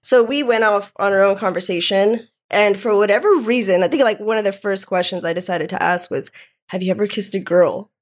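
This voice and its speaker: A woman's voice: medium pitch, fairly quick. A young woman from Southern California, candidly telling a personal story in a casual chat, often laughing. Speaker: guest.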